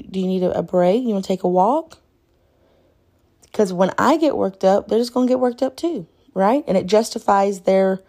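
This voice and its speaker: Woman podcast host, calm instructional delivery, warm low-key tone with some vocal fry, conversational asides. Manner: conversational, often ends points with "right?"; calm, repeats key points. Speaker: podcast host teaching caregivers.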